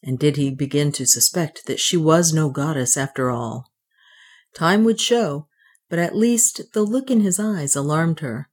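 Female audiobook narrator, lower register, measured and clear delivery.

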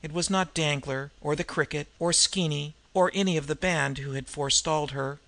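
Gravelly, bright-voiced male narrator. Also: fairly high pitch, fairly even intonation, normal speed. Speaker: audiobook narrator. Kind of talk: scripted narration.

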